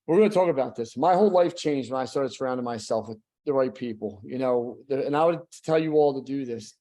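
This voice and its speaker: A man's voice: medium pitch, lively intonation, brisk, dark tone. A middle-aged man giving a blunt, emphatic motivational talk as a guest speaker.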